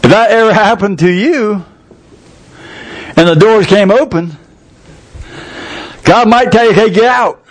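Older male preacher, slightly high voice, folksy storyteller who builds to fervent peaks. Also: a little slow, pauses often. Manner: folksy, colloquial storytelling with rising fervor. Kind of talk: sermon.

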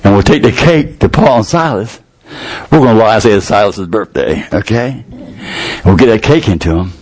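A man voicing a church member hatching an escape plan, in a deep, low voice. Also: lively intonation, normal speed, a little mellow, dry recording, rough recording. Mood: scheming. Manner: low, plotting. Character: scheming male church member, low and conspiratorial.

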